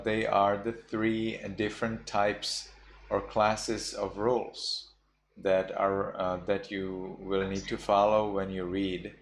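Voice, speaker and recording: Slow-spoken man teaching a class. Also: on the low side, a little hiss or hum. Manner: slow, explains step by step with many fillers. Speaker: Buddhist monk teacher. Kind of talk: online class lesson.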